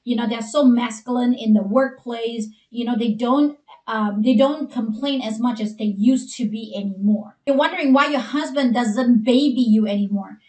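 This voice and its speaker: A woman with a Chinese accent speaks in a high, bright register, giving earnest relationship advice. She leans on "you know" as she talks. The room around her is echoey. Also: moderate pace. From Asia. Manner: earnest, heavy use of "you know" fillers. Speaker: co-host. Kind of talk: advice talk for couples.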